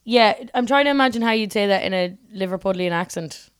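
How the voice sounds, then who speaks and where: An Irish woman in casual chat as a podcast co-host, reacting with quick short agreements. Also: mid-range voice, clean tone, no echo, studio quality.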